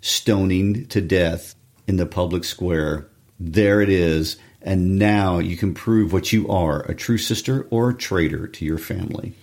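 A man reading as headstrong Antigone, deep and firm. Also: unhurried, darkish tone. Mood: earnest. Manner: firm, determined read-aloud. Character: brave headstrong young woman, Antigone. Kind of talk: classroom play reading.

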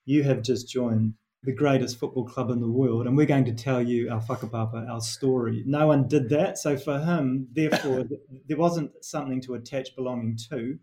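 A man's voice: medium pitch, mellow. A middle-aged man with a New Zealand accent, a performance coach telling stories in an earnest, reflective interview answer with frequent restarts.

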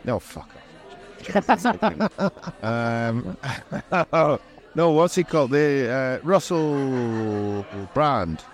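A man's voice: medium pitch, lively intonation, very slow, pauses often. A man co-hosting a podcast, chatting casually with many fillers and chuckles. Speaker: podcast co-host. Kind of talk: casual chat.

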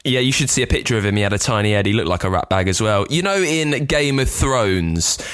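A man co-hosting a podcast, telling stories in a casual chat with an animated, jumpy delivery. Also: fairly low pitch, fairly quick, smooth. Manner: animated, jumpy storytelling with lively swings. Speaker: podcast co-host.

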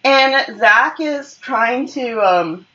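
A woman co-hosting a casual chat podcast, retelling a show in an expressive, playful way and swearing freely. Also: fairly high pitch, drawn-out words, recorded from a distance, muffled recording. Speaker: podcast co-host. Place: at home on a couch.

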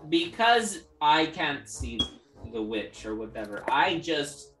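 A woman's voice: low voice, big pitch swings, slow, echoey room, over music. A woman playing a tabletop game, talking in a hesitant way with lots of fillers. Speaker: player.

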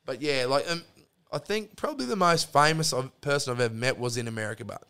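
Aussie guy rambling thru a yarn, swears a lot, um and like everywhere, average pitch. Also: lively intonation, quick pace, pushed and bright, smooth. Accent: Australian. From Australia. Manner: rambling, heavy swearing, lots of fillers. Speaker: podcast guest. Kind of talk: casual storytelling chat.

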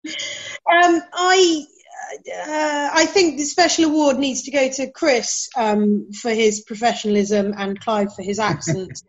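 Slow, hesitant high-voiced woman. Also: steady tone, lo-fi sound. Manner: hesitant, many ums. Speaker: podcast panelist. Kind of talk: casual panel chat.

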